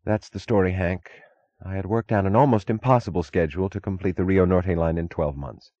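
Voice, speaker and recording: A man's voice: sits low, brisk, no room sound, lo-fi sound, close to an everyday voice. A man voicing a determined female railroad executive who speaks evenly and directly. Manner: even, direct, businesslike.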